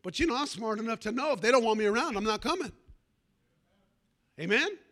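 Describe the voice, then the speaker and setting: Guy preaching, real high voice, bright and punchy, keeps asking for amens, tells stories folksy style. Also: lively intonation, brisk. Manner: fervent, calls for amens, folksy storytelling. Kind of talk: sermon with personal story.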